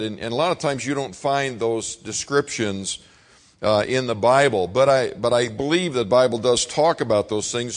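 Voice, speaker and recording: A middle-aged man preaching a sermon in a folksy, conversational way, mixing scripture with stories from his own childhood. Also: medium pitch. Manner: folksy, conversational, acts out his father's shouting. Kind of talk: sermon with personal storytelling.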